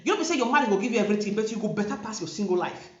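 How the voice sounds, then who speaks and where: Nigerian lady ranting to camera, pitch swinging all over, echoey room, kinda dull lo-fi sound. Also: lively intonation, racing. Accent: Nigerian Pidgin-inflected English. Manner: emphatic, preachy, repeats herself. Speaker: vlogger. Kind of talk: casual commentary to camera.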